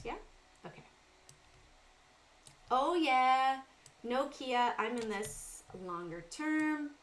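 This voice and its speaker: A middle-aged Southern woman hosts a casual market livestream, chatting over her charts in a bright, forward voice pitched a little high. She greets viewers by name as she goes. A faint background noise sits under the recording. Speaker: livestream trading host.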